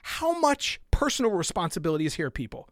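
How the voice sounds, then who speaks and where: A man's voice: sits high, big pitch swings, a little fast, no room sound, clean studio sound. A man hosting a podcast, delivering a heated, exasperated solo rant with sighs and muttered asides. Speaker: podcast host.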